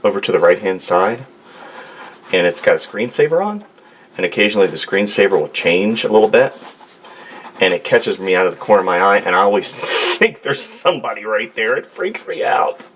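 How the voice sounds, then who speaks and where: Low-voiced man chatting while he draws. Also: lively intonation, brisk, fairly bright tone, slight background noise. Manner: rambling, jokey, talks to himself while drawing. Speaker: artist. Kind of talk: casual drawing demonstration. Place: home studio desk.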